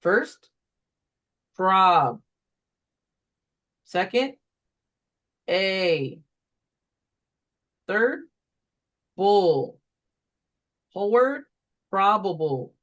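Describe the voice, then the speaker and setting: A reading tutor runs a phonics walkthrough at an unhurried pace, giving short, deliberate prompts. Each word is spelled out and then given an example, with the occasional quicker aside to explain how to run the drill. The voice sits at a middle pitch. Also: big pitch swings, a bit bright. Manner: slow, deliberate call-and-response prompting.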